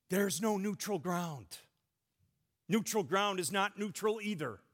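A man preaching a sermon, emphatic, with big swings in pitch and volume. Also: lively intonation, unhurried, fairly bright tone. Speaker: pastor. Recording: long church reverb.

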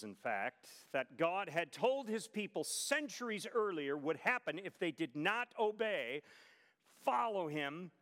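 A man's voice: a little high, fairly bright tone, in a large hall. A man preaching a sermon, retelling a story with emphasis and rhetorical questions.

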